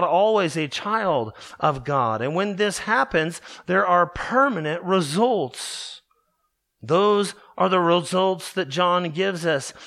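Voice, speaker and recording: A man's voice: high voice, pushed and bright. A man preaching an earnest, emphatic expository sermon, explaining the grammar of a verse to his congregation. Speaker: pastor.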